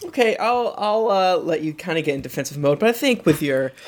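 A man's voice: on the high side, lively intonation, fairly quick. A man narrating as game master, hesitant with many fillers, who slips into voices for side characters.

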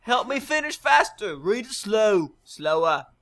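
Man putting on a loud mock-Australian bloke. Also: high-pitched, sing-song, unhurried, pitched above the performer's own voice, exaggerated voice. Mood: boisterous.

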